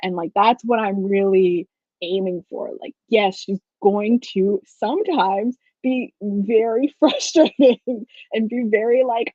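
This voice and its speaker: A woman's voice: medium pitch, slow, warm tone, no room sound. A chatty woman author talks through her writing, full of fillers and little laughs. The audio is dull and lo-fi, and the sound is dry and close. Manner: chatty, lots of "like", laughs while explaining. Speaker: author guest. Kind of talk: casual video-call interview.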